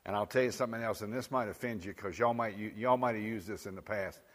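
A male preacher, delivering a sermon that swings between loud emphatic peaks and quiet, intimate asides. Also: on the low side, fast. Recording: long reverb of a large hall.

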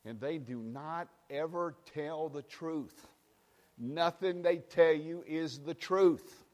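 Pastor, male, high voice, impassioned sermon delivery that runs hushed to shouting, long church reverb. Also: slow. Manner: fiery, swings from hushed to shouting. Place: church sanctuary.

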